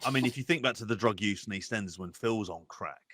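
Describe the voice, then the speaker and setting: A man from London with a Cockney accent, co-hosting a podcast in jokey, animated banter. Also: fairly low pitch, fast talker, no echo. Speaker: podcast co-host. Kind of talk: casual chat.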